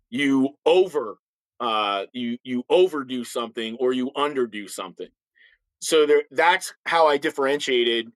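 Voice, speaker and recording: A middle-aged man and former police officer, a podcast guest, speaking bluntly and forcefully with frequent restarts. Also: medium pitch, no echo, low-quality recording. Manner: acts out others' voices in stories. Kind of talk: podcast interview talk.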